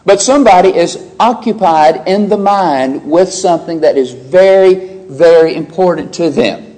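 A man preaching a sermon in a measured, emphatic way, slowing down to stress key words. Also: on the high side, mellow, low-quality recording.

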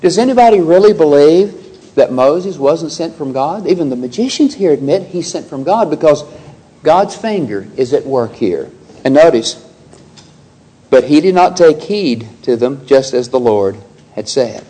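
A man's voice: on the high side, lively intonation, normal speed, mellow, slightly rough, low-quality recording. A man preaching an expository sermon, reading scripture aloud and pressing his points with rhetorical questions.

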